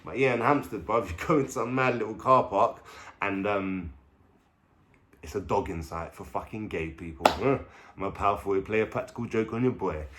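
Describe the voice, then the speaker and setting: A man's voice: lowish voice, moderate pace, very noisy. A young man with a London accent, telling a story casually to camera in slangy talk, swearing and checking in with "yeah?". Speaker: vlogger.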